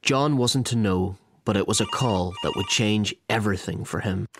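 A man giving the scripted narration of a documentary in a measured, even way. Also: on the low side, noisy background.

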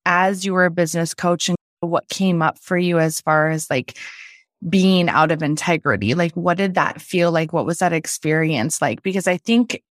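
A woman's voice: on the low side, normal speed, dry recording, studio quality. A woman hosting a podcast, asking questions in a chatty, encouraging way with plenty of filler words. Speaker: podcast host. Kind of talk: casual interview talk.

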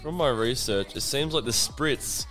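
A man's voice: medium pitch, a little slow, a bit bright, faint music behind. A man co-hosting a casual podcast chat, easygoing and a bit hesitant.

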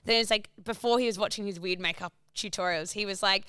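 A woman's voice: medium pitch, fast talker, clean tone, no echo, clean studio sound. A young Australian woman in casual chat, telling a travel story with lots of acted-out quotes and laughter. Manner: animated storyteller, acts out quotes, laughs often.

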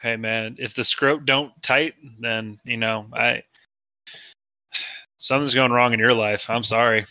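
Brief: male podcast co-host, crude teasing humor, very bright sharp tone. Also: medium pitch, fairly even intonation, a little slow, no room sound. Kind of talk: crude comedic podcast chat.

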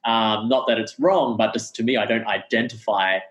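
Low-voiced man in rambling chat. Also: steady tone, normal speed, fairly bright tone, rough recording. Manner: rambling, many fillers and restarts. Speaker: podcast guest. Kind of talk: casual chat.

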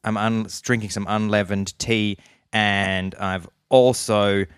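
Man, Australian accent, low pitch, playful rambling podcast chat, dry close mic. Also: flat delivery, slow pace, clean tone, no room sound. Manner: playful, rambling, laughs often. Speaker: podcast co-host.

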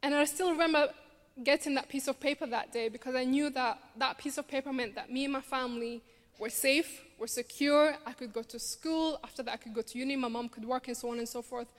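Speaking at a charity show, a refugee campaigner in her twenties, originally from Somalia and now with a Scottish accent, shares her personal story on stage with earnestness and dry wit. Her voice is high and her delivery brisk, and the hall adds a long, lingering reverb.

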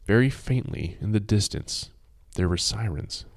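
Deep-voiced male audiobook narrator. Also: no echo, studio quality. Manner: measured, expressive storytelling.

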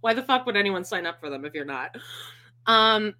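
A woman's voice: mid-range voice, lively intonation, moderate pace, pushed and bright. A woman hosting a podcast, chatting casually, laughing often and swearing freely. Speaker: podcast host. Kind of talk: casual chat.

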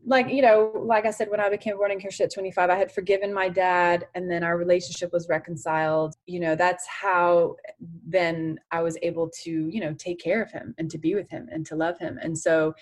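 A woman's voice: lowish voice, flat delivery, a little fast. A woman in her forties, a guest on an interview podcast, speaking earnestly and from the heart with many "you know"s. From France. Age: 40s. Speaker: interview guest, former tennis champion.

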